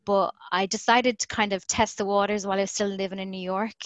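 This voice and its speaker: A woman's voice: medium pitch, flat delivery, quick pace, no echo, low-quality recording. An Irish woman in her thirties talks as a podcast guest, chatty and easy, often laughing and acting out lines she quotes. Her voice sits in a middle register. The recording is dry, from a remote call. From Ireland. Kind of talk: casual storytelling in an interview.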